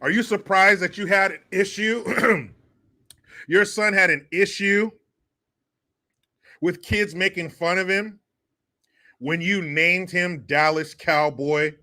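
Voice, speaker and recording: A man's voice: sits high, slow, pauses often, pushed and bright. A man hosting a profane comedy commentary show, laughing often, cursing and mocking the clips he reacts to.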